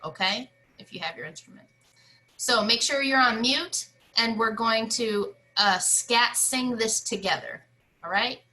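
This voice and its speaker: Bright-voiced woman teaching music online. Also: fairly high pitch, a little slow, poor audio. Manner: explains rhythms by singing scat syllables.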